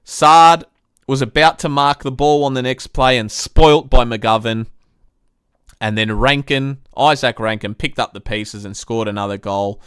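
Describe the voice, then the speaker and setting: Recapping a football match on a live stream, this young host curses and airs his annoyance like a fan who's had enough. He talks at a medium pitch and measured pace, his tone a bit bright, clear and resonant, in clean studio sound with no room echo.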